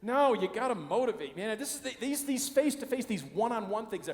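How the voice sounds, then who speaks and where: A middle-aged man from the Chicago area doing a stand-up comedy routine, animated and acting out the voices of people in his stories. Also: high voice, brisk. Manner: animated, acts out quoted voices. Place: large conference hall stage. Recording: long reverb of a large hall.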